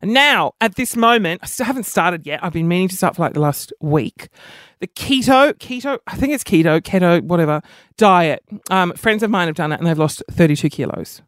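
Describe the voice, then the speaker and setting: Aussie guy rambling self-mocking stories, high-ish voice, swings up and down a lot. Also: lively intonation, a little fast, a bit bright, no echo, clean studio sound. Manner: chatty, self-mocking, swears freely. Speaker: podcast host. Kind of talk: casual comic storytelling.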